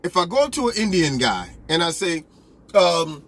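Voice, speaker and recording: Bright, high-voiced argumentative man. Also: measured pace. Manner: animated, argumentative, rhetorical questions. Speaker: political commentary vlogger. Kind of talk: opinionated political commentary.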